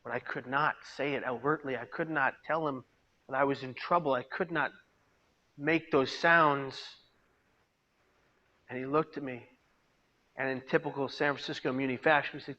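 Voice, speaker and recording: A man giving a personal testimony as a peer mentor, storytelling dramatically and swinging between hushed and loud delivery. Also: mid-range voice, fairly even intonation, moderate pace, pauses often, highs cut off. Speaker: peer mentor and suicide prevention speaker. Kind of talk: personal testimony to a live audience. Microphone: video call.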